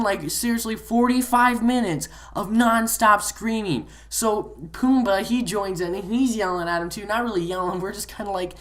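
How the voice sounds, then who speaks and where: Brief: young male gaming vlogger, casual rambling storytelling, lots of fillers. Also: sits high. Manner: excited, rambling, full of "like" and "man".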